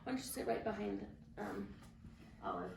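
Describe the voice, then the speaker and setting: A woman teaching kindergarten children, speaking in a drawn-out, sing-song way and giving bright praise. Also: medium pitch, huge pitch swings, vocal fry. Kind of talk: classroom teaching to young children. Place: classroom with children. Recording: very echoey classroom, mic far off, faint hiss.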